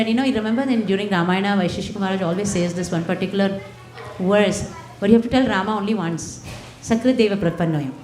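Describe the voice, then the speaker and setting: A woman's voice: medium pitch, darkish tone, a little hiss or hum. A woman giving a personal, conversational devotional talk to a temple congregation, asking the audience questions. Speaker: temple speaker. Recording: echoey temple hall.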